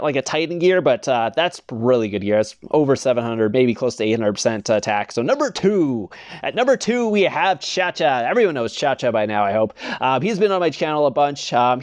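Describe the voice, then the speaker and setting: Over gameplay footage, a young gaming-channel host with a medium-pitched, slightly mellow voice chats casually, rambling with many fillers and laughing frequently. There's no room sound in the recording.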